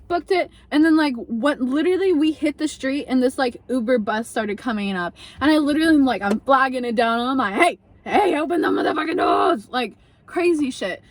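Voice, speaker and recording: A young adult woman casually telling a story to camera, animated, swearing freely and acting out what people said. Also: high-pitched, brisk, hardly any pauses, no room sound. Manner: animated, swearing, acts out quotes.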